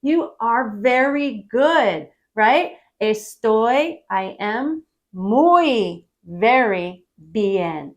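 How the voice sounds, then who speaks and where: Woman teaching travel phrases, slightly high voice. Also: lively intonation. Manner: friendly, repeats phrases slowly for learners. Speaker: Spanish teacher. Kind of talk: casual travel-phrase lesson.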